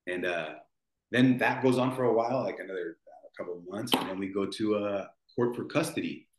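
A man in his forties tells his story as a podcast guest, rambling and restarting his sentences as he goes. His voice sits on the low side. The room has a noticeable echo around him. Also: brisk, background noise. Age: 40s. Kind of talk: emotional storytelling. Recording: roomy echo.

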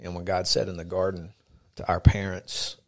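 Gravelly low-voiced man teaching faith. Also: normal speed. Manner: earnest, lively, frequent fillers. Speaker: podcast co-host. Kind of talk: casual chat and faith teaching.

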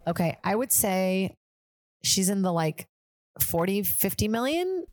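A woman's voice: medium pitch, very animated, a little slow, darkish tone, no room sound. A woman comedian hosting a casual podcast chat, rambling with lots of fillers, swearing and laughing often.

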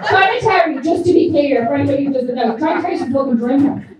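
A woman's voice: high-pitched, fast talker. A woman, a podcast co-host telling a story in casual chat, laughing and swearing as she goes. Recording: echoey room, distant mic, background noise.

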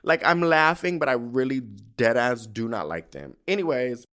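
A man hosting a podcast, talking in a sassy, profane, animated way. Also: medium pitch, moderate pace, noisy background. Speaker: podcast host. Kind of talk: casual commentary.

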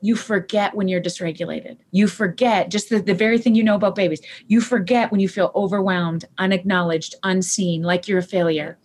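A woman's voice: mid-range voice, fairly even intonation, fairly quick, hardly any pauses, darkish tone, slight background noise. Passionate, emphatic woman speaker. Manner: passionate, emphatic, repeats key lines. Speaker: parenting expert guest. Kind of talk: conversational podcast talk.

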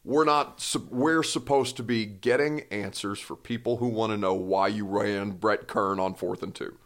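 Speaking at a fairly low pitch with fairly even intonation and a moderate pace, a man hosts a podcast. It's casual chat, and he tends to ramble into self-deprecating side comments.

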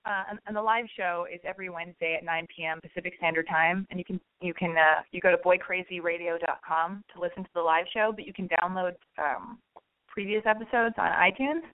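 A woman's voice: on the low side, fairly even intonation, fairly quick, dry recording, narrow, tinny audio. A woman hosting her own call-in podcast, gushing and rambling in casual chat, swearing freely. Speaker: podcast host.

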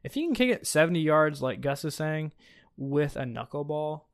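A man's voice: fairly high pitch, big pitch swings, normal speed. A young man co-hosting a casual sports podcast, chatty and enthusiastic, with frequent ums and uhs. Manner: chatty, enthusiastic, with many fillers. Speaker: podcast co-host.

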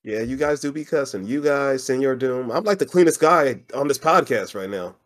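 A man co-hosting a casual podcast, telling a funny story with slangy, animated delivery and frequent laughs. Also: medium pitch, normal speed. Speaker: podcast co-host. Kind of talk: casual chat.

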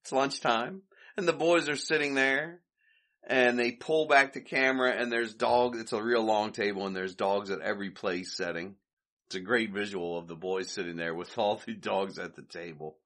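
A man's voice: lowish voice, steady tone, normal speed, a bit bright. Chuckling man recapping an old comedy. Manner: chuckles often, loose and chatty. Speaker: podcast host. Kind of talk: casual retelling of a comedy film.

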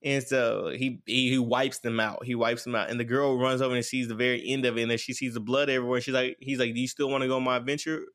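Man, mid-pitched voice, casual rambling anime recap, heavy on fillers. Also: little pitch movement, quick pace, few pauses, a bit bright. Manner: rambling, lots of fillers like "blah, blah, blah". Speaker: anime reviewer.

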